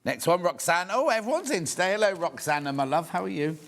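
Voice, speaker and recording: Man, 60s, shopping channel host, chatty banter, fairly high voice, very lively pitch. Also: quick pace. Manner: chatty and bantering, greets viewers while handling products. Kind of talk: live TV product selling.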